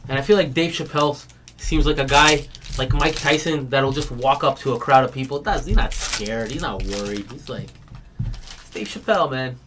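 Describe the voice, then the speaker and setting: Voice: mid-range voice, moderate pace, noisy background. Chatty card break host. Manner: chatty and rambling, then rattles off player names; laughs at its own stories. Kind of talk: casual chat while opening card packs on a stream.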